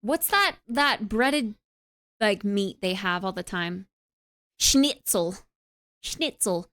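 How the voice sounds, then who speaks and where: A young adult woman streamer in casual chat, reading and answering her live chat, bubbly and animated and often saying "like". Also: medium pitch, takes it slowly.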